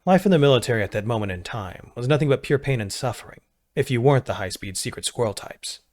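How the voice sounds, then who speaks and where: A man narrating a military science fiction story in a measured, steady read. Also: medium pitch. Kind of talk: scripted sci-fi narration.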